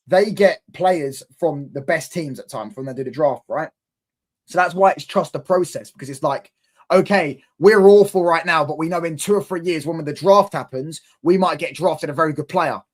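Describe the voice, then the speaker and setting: Male reaction host, exasperated ranting, slightly high voice. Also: moderate pace. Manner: exasperated, repetitive, frequent rhetorical questions. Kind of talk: casual reaction rant.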